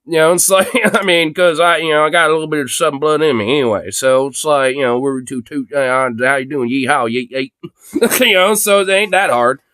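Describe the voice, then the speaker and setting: Laid-back rambling man with a smooth voice. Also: a little high, fairly quick, hardly any pauses, a bit bright, dry recording. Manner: rambling, laughs often, swears freely. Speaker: streamer host reacting to videos. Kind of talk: casual reaction chat.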